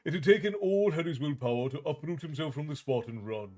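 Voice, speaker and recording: A man's voice: on the high side, a little fast, faint music behind. A man reading a story aloud on a livestream, theatrical and dramatized, chatting between passages. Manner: animated, theatrical.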